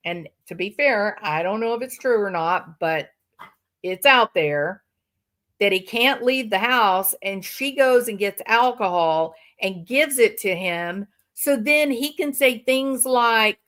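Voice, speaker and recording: Woman on a livestream reacting, kinda high voice, sarcastic and emphatic, drags her words out. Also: animated, fairly bright tone. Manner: emphatic and sarcastic, drawn-out phrasing. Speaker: livestream host. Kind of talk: reaction commentary.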